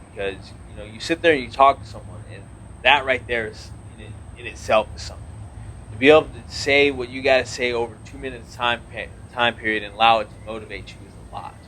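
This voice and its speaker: A man's voice: fairly low pitch, a bit bright, slight background noise. A man in his thirties, a naval officer, talking earnestly in a casual podcast interview, rambling with many restarts.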